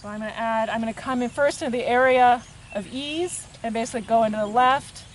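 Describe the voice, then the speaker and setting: A soft-spoken woman with a fairly high voice talks through a hands-on equine therapy session outdoors. Her explanations are gentle and unhurried. Faint outdoor noise and birdsong sit behind her on the camera mic. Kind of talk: hands-on demonstration narration. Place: outdoors with a horse, rural setting.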